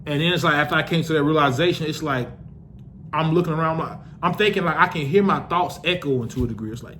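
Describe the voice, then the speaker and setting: A young man spinning a casual storytime monologue, his voice sitting a little high for a man. He talks loosely and profanely, circling back with restarts. Faint room ambience hangs behind him. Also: fast, sharp tone, a little hiss or hum. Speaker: vlogger telling a personal story.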